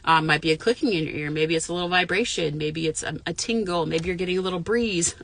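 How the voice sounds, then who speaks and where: Bright-voiced woman chatting from her car. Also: fairly low pitch, quick pace, gravelly. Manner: frank, profane, rambling with many fillers. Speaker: intuitive medium and spiritual mentor. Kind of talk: casual live chat to viewers. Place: parked car.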